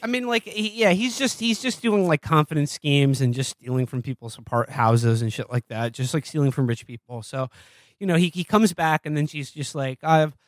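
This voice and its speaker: A man's voice: a little high, a little fast, no echo, clean studio sound. A man co-hosting a podcast, reviewing a film in rambling, sarcastic casual chat. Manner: rambling, sarcastic, acts out scenes in silly voices. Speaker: podcast co-host.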